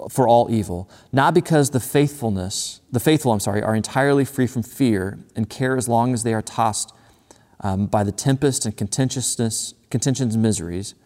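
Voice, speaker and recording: Man, sermon, earnest and repetitive, mellow low voice, long reverb. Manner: earnest, repeats phrases, reads scripture aloud with slowed emphasis. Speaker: pastor.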